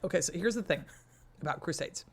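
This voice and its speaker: A woman leading a relaxed history podcast segment in a storytelling style. She is wry and a little profane, dropping into quick asides that act out the historical figures. Her talk is conversational and unscripted. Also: fairly low pitch, husky. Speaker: podcast co-host. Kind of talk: casual history explanation.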